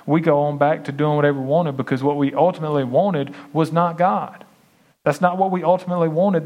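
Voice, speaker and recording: A man preaching a sermon, in an earnest, pleading way with many repeated phrases. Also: medium pitch.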